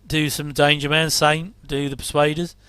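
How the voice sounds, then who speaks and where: A middle-aged man chats his way through an old episode, full of wry asides and quick chuckles. His voice sits a little high, bright and crisp. It is recorded dry and close. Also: little pitch movement, no echo. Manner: chatty, rambling asides, wry jokes and chuckles. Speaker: commentator reacting to an old TV episode. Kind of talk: casual watch-along commentary.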